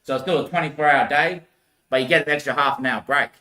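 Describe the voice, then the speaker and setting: A man's voice: on the high side, fast talker, sharp tone, roomy sound. A man rambling through a loose monologue, often laughing and swearing.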